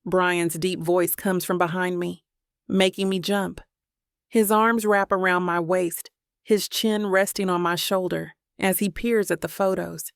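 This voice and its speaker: A woman's voice: on the low side, fairly even intonation, unhurried, vocal fry, clean tone, dry recording. A woman narrating a first-person romance audiobook in a tender, reflective manner, recorded on a close mic.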